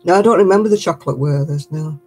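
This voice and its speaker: A woman's voice: sits low, fast, a little mellow, husky. An older woman, a great-grandmother, chatting casually and laughing often as she reads viewer comments on her crafting livestream.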